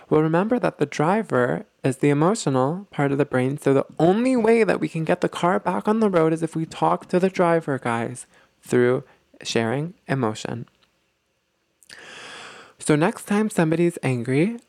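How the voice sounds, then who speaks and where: Gravelly relationship teacher checking in. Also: mid-range voice, animated, moderate pace, no room sound. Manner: checks in with "okay?" often. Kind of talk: explanatory lesson talk.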